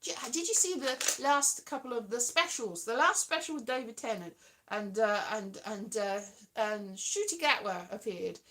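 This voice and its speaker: A woman's voice: on the high side, expressive, normal speed, sharp tone. A woman vlogger rambling playfully about words, often singing her thoughts over her own guitar. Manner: whimsical, sings half her thoughts, playful wordplay. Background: guitar playing.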